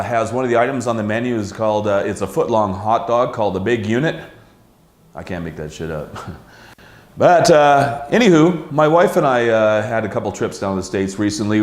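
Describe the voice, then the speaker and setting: A middle-aged man from Canada hosting a casual talk show in a pub, rambling and swearing with many fillers. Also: lowish voice. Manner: rambling, profane, lots of uh fillers. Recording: echoey pub room.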